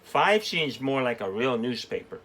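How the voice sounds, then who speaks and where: A man reading a storybook aloud, putting on the voice of an eager, excitable young girl. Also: mid-range voice, measured pace. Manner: eager, giggly.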